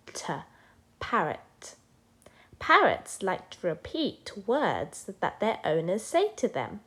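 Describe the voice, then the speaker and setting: A woman teaching a children's phonics lesson, sounding out letters and animal names slowly and clearly for young learners. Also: medium pitch.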